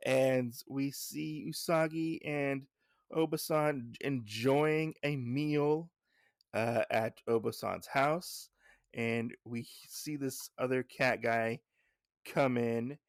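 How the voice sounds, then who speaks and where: Brief: casual podcast host, rambling recap, gravelly voice, dry close mic. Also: male voice, mid-range voice, fairly even intonation, slow, dry recording. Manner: rambling, with fillers and self-corrections.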